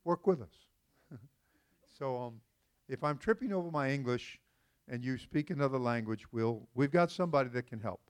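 A man's voice: mid-range voice, lively intonation, normal speed, smooth. A man preaching as senior pastor in a church, in a conversational style full of folksy, joking asides to the congregation. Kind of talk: conversational sermon. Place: church sanctuary.

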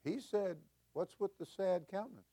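Older guy pastor preaching, slightly high voice, folksy, chuckles a lot, gets loud at the big points. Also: moderate pace. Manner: folksy, chuckling storyteller, rising to loud emphatic peaks. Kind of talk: sermon.

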